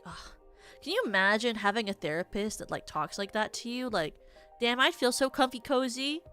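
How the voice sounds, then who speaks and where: A woman's voice: on the high side, a bit bright. A young adult woman streaming as a VTuber, chatting casually in a rambling, theatrical way with many filler words. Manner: self-described yappy, theatrical.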